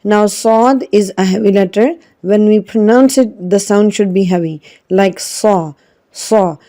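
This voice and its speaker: A woman's voice: medium pitch, normal speed, mellow. A woman teaching an online Quran reading lesson, patiently drilling each syllable and repeating it. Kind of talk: slow spelled-out online lesson.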